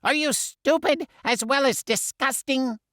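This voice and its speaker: A man's voice: extremely high pitch, unhurried, a bit bright, dry recording, studio quality, voice pushed up. A man voicing a cruel, contemptuous old great-aunt in an audiobook. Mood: scornful. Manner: scolding, contemptuous. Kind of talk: audiobook narration.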